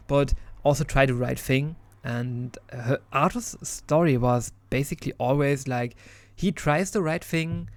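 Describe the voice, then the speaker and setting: A man's voice: fairly high pitch, dry recording. A man casually reviewing an old strategy game, chatty and enthusiastic with many restarts.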